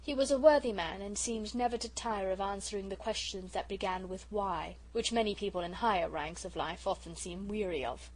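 A woman reading a classic children's novel aloud as an audiobook narrator, in a calm storytelling way. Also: medium pitch, brisk, hardly any pauses, rough recording. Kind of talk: scripted narration.

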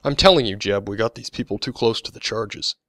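A man's voice: fairly low pitch, fairly quick, a bit bright, no echo, studio quality, lightly acted. A man doing a worried construction worker. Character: anxious male construction worker.

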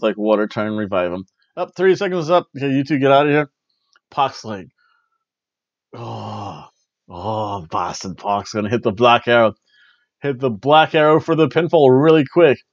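Lo-fi man recapping wrestling, animated. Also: mid-range voice, dry recording. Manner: animated, mimics wrestlers and announcers in quick asides. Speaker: wrestling review podcast host. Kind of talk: casual recap of a wrestling show.

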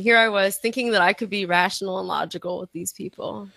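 A woman chatting on a podcast in a lively, animated way, laughing often and acting out what others said. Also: medium pitch, normal speed, vocal fry, no echo. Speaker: podcast guest. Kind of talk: casual podcast chat.

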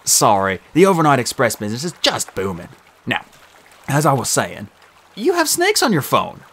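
A man voicing a sly, smooth-talking male god in a put-on mixed British and Australian accent for an audiobook. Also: mid-range voice, wildly swooping pitch, moderate pace, fairly bright tone, full character voice. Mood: breezy. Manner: breezy, teasing. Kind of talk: audiobook reading.

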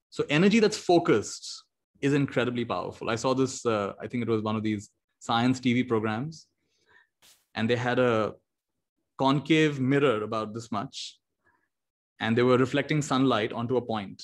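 A meditation teacher speaks to an audience over a video call, his voice at an ordinary middle pitch. He tells stories with energy, acting out the voices in them and laughing along the way. The delivery is animated and inspiring rather than formal. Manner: animated, acts out quotes, laughs often. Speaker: meditation teacher giving a talk. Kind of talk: motivational storytelling talk.

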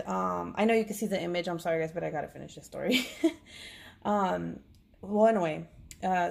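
A woman's voice: lowish voice, vocal fry, a little mellow. Chatty woman vlogger telling stories. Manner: rambling storyteller, chatty, laughs often. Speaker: crafting vlogger. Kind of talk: casual chat while unboxing.

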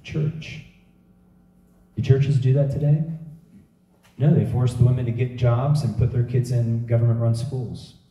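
Dark-voiced male preacher in an echoey room. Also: mid-range voice, moderate pace. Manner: animated storytelling preacher acting out quotes. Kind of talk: sermon. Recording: echoey room heard from a distance.

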